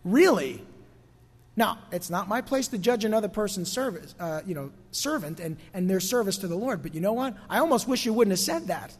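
High-voiced pastor preaching in a hall. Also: male voice, expressive, fairly quick, hardly any pauses, husky. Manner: conversational preaching that drops quiet for emphasis and rises for asides. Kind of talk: sermon. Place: church sanctuary.

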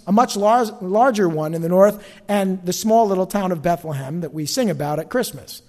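A man's voice: high voice, darkish tone, in a large hall. A man with a North Jersey accent, preaching a sermon in a chatty way, full of asides and questions to the congregation. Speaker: pastor.

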